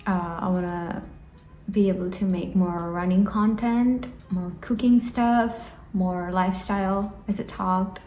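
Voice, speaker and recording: A woman's voice: medium pitch, steady tone, measured pace, dark tone, a little hiss or hum. A woman in her twenties from India, talking to camera in an earnest, encouraging vlog, rambling a little with fillers. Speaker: vlogger. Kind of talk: casual talking-head vlog. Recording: echoey room, faint music.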